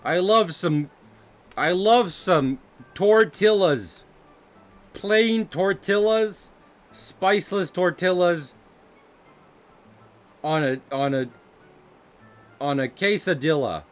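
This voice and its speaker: A man's voice: high-pitched, slow, pauses often, faint music behind, voice pushed up. A man voicing a folksy American man who fears spicy food, in a put-on Southern accent with an exaggerated cheery drawl.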